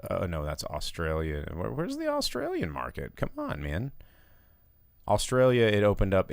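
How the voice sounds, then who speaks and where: A man's voice: sits low, creaky, dry recording. A man hosting a casual movie podcast, rambling and sarcastic as he talks through box office numbers. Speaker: podcast host.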